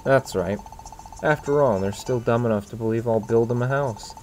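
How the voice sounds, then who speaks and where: A man voicing a cold, greedy male creature con artist, talking low, smug and sly. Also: normal speed, darkish tone, a little hiss or hum, lightly acted.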